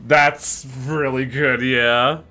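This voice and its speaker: A man's voice: medium pitch, steady tone, drawn-out words, crowd noise. A man streaming a game, chatting casually and reading the game text aloud. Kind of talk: casual let's-play commentary.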